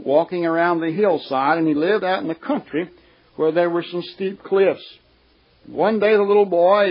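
A man preaches a sermon in a slightly high voice. He drives his points home slowly and firmly and keeps putting questions to the congregation. The recording is muffled and lo-fi. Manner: slow, emphatic preaching with rhetorical questions. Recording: dull, lo-fi recording.

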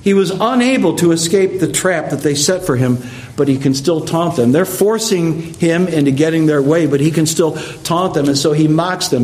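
A man's voice: on the high side, animated, normal speed. A man preaching a verse-by-verse sermon, explaining the text in a conversational way with frequent asides to the listeners. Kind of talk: expository sermon.

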